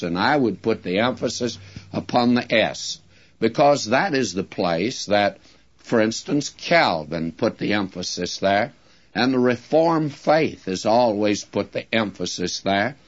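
A man teaching a Bible-study sermon in a slow, deliberate, folksy preaching manner, addressing his listeners directly. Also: fairly low pitch, muffled recording.

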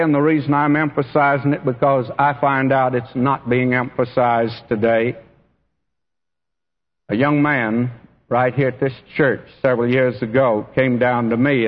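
A man's voice: mid-range voice, fairly even intonation, a little slow. A man preaching a sermon in a church, earnest and speaking straight to his listeners. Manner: earnest, addresses listeners directly as friend and beloved. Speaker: pastor. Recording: dull, echoey church hall recording.

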